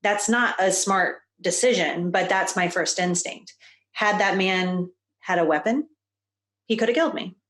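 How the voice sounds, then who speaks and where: A woman guest on a podcast with a fairly low voice. She talks casually but with emphasis, pressing her opinions firmly. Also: a little slow, a bit bright. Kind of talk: casual conversation.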